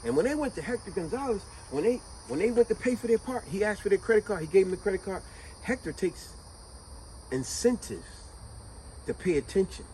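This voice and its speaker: Animated, high-voiced storytelling man. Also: brisk, a little hiss or hum, rough recording. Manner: animated, slangy retelling with lots of rhetorical questions. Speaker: motivational vlogger. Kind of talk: casual motivational storytelling.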